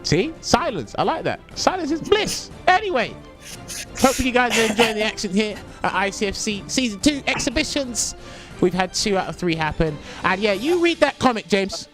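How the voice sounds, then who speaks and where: A British esports commentator bantering and teasing his co-hosts. His voice sits high and swings widely in pitch. Faint music runs underneath. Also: a little fast. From United Kingdom. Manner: teasing, animated.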